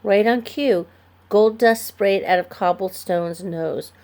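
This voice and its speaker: Woman narrator for a children's chapter book, expressive, mid-pitched voice. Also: slow pace. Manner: storybook reading, expressive. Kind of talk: scripted narration.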